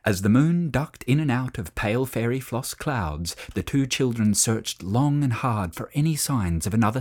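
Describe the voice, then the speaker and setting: A storyteller reading a children's story aloud in an expressive, animated way. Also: mid-range voice, breathy edge.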